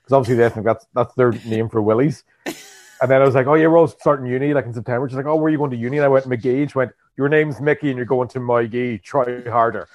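A man's voice: mid-range voice, quick pace, a little mellow. A young man with a Northern Irish accent, a stand-up comedian guest chatting casually on a podcast, mildly hungover, cracking crude self-mocking jokes and laughing often. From Northern Ireland. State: mild hangover.

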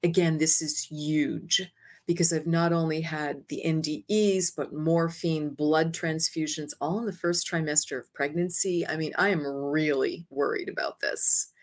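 Woman guest, lower voice, lively storyteller who acts out her own lines and laughs lightly. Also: measured pace. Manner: laughs lightly between phrases. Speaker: interview guest, energy healer. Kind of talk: personal storytelling.

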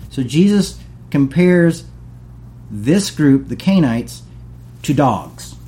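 A male pastor preaching in a relaxed, chatty way and slipping into little acted voices for the people he quotes. His tone is mellow and dark, at a middle pitch. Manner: conversational, animated, acts out quoted voices. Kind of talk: casual sermon.

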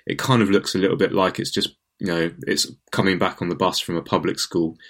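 Deep-voiced playful co-host. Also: male voice, steady tone, brisk, gravelly, a bit bright. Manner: playful, theatrical and self-mocking. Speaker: podcast co-host. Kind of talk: casual podcast chat.

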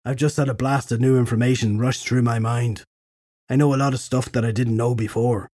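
A man's voice: medium pitch, fairly even intonation, fairly quick, a little mellow, no room sound, clean studio sound, natural voice. A man voicing a sly, wisecracking warrior. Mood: casual. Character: sly, wiry male warrior, cocky.

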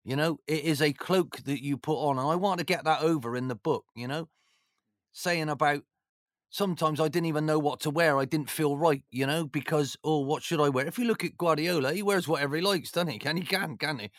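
A man's voice: a little high, a little fast, no echo, studio quality. A man, a former football manager, chatting in an interview, rambling and jokey with lots of "you know"s. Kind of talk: casual storytelling chat.

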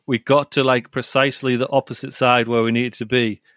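A man's voice: medium pitch, level tone, brisk, fairly bright tone, dry recording. A young man, a podcast co-host, rambling through a travel story with lots of "like" and laughs along the way. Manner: rambling, says 'like' a lot, laughs while telling stories. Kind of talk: casual chat, storytelling.

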